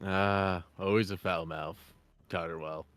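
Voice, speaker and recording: Low-voiced swearing tabletop player, a man. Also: fairly even intonation, a little slow, a bit bright, clean tone. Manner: swears often, laughs a lot, talks in and out of character. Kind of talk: tabletop role-play banter.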